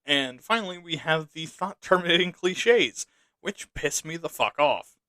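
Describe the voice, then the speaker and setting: A man's voice: a little high, animated, unhurried, bright, forceful tone, no echo. A man hosting a podcast in a casual monologue, sarcastic and profane, ranting between jokes. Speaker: podcast host.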